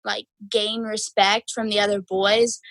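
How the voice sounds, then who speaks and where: Teen girl, husky and dry. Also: mid-range voice, flat delivery, unhurried, a bit bright, no room sound. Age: teens. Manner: easygoing, lots of "like" fillers. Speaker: guest, high school wrestler. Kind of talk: casual interview answers.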